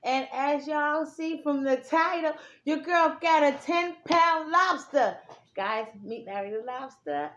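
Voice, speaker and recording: Bubbly high-voiced woman eating on camera. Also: slow pace, a bit bright, lo-fi sound. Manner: bubbly, gushing, sing-song exclamations, talks to viewers as y'all. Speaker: mukbang vlogger. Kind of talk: excited casual eating vlog.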